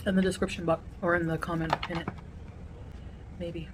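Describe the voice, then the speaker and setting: A woman vlogger chatting casually to her viewers while eating a meal, rambling and pausing to chew. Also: fairly low pitch, little pitch movement, background noise. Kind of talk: casual eating vlog chat.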